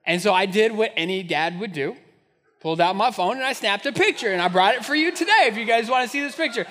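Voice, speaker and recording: A man in his thirties preaching a sermon to his church, telling a personal story with animated, self-mocking humor. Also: high voice, fast. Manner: storytelling, animated, laughing at himself. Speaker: pastor. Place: church sanctuary.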